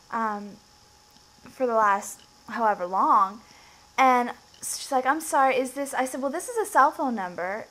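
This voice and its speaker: Animated woman telling a story. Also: poor audio. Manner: animated, rising in pitch when excited. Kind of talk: casual testimony.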